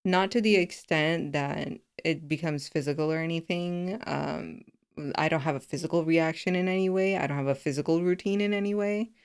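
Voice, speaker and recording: A woman co-hosting a casual chat, talking things through out loud and laughing often. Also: deep voice, normal speed, clear, resonant tone. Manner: expressive and laughing, talks things through aloud. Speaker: podcast co-host.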